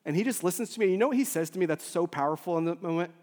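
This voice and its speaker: A man, a lead pastor, preaching a sermon with emotional swings from loud urgency to soft near-whispers. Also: sits high, lively intonation, racing. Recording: long hall reverb.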